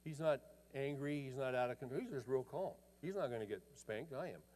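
An older man with a mid-range voice preaches a storytelling sermon at a brisk pace, folksy and conversational, sharing family stories and often restarting his phrases. The recording has background noise and the long reverb of a large hall.

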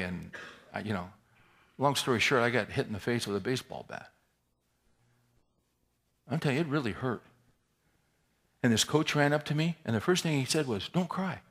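A man's voice: medium pitch, fairly bright tone. A man preaching, telling a personal story candidly and conversationally, with wry humor.

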